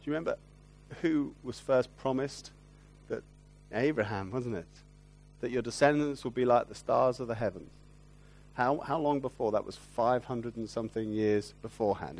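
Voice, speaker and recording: A man preaching a sermon, earnest and gentle, often drawing his listeners in with tag questions. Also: mid-range voice.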